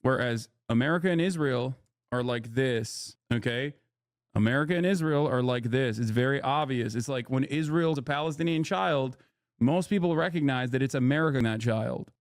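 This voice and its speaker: A man's voice: mid-range voice, moderate pace, no echo. Sarcastic streamer man, dry close mic. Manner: sarcastic, blunt, swears freely, talks back to chat. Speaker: live streamer. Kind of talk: casual political commentary.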